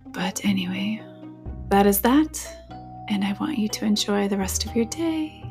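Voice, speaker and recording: Tired lady narrator chatting after a reading, mid pitch, faint music under it. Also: expressive, normal speed, darkish tone. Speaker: audiobook narrator. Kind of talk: casual sign-off after a reading.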